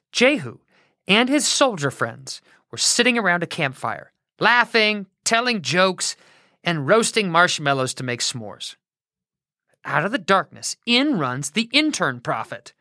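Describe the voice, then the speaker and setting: Bright, playful woman storyteller. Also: lowish voice, measured pace, no room sound, studio quality. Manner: playful, expressive. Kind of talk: children's Bible story narration.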